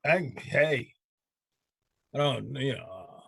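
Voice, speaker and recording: A man's voice: medium pitch, animated, drawn-out words, vocal fry, fairly bright tone, slightly rough, dry recording. A man hosting a casual talk show, telling stories bluntly and animatedly with some cussing. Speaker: show host. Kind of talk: casual chat.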